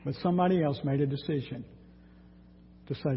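A man preaching a sermon, reading scripture dramatically and speaking in an animated way. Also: on the high side, a little fast, pauses often, slight background noise. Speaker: pastor. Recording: dull sound with long hall reverb.

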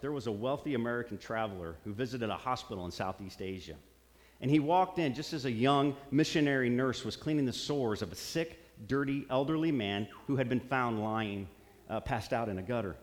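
A man preaching a sermon, earnest, repeating phrases for emphasis. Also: medium pitch. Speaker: pastor. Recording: long hall reverb.

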